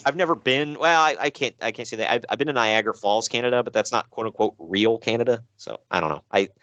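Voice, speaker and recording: A man's voice: medium pitch, quick pace, fairly bright tone, no room sound, muffled recording. A man co-hosting a casual podcast about old wrestling shows, laughing often and slipping into silly voices for jokes. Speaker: podcast co-host.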